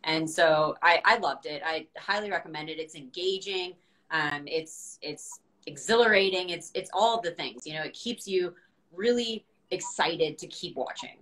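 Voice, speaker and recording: A woman's voice: lowish voice, normal speed, a bit bright, rough recording. A young woman guest on a video call, talking candidly and animatedly, with frequent laughs and blunt words. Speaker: guest, founder of a reusable straw company. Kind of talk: casual video-call chat.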